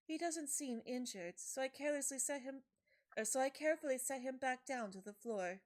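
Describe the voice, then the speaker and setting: Her voice sits high and she reads briskly. The let's play streamer works through a game's story text, frequently tripping up and correcting herself, with asides thrown in.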